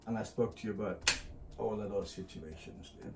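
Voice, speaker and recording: A man's voice: lowish voice, a little fast, vocal fry, reverberant. A middle-aged man, the host's father, teasing, repeating himself and talking over the host in a casual chat. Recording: noisy background.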